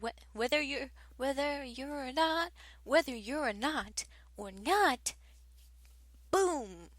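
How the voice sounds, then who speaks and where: A woman's voice: high-pitched, expressive, slow pace, fairly bright tone, slight background noise. A young woman reading radio segment intros, giggling and tripping over her lines as she mocks herself. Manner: giggly, stumbling over lines, self-mocking. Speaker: student radio host. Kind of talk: casual blooper-filled radio announcements.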